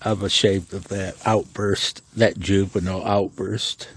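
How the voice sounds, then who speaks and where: Sleepless hobbyist vlogger, man, low and unhurried, chuckles through his stories. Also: level tone. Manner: chuckling, rambling storyteller. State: sleepless, late at night. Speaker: amateur radio vlogger. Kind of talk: casual chat to camera.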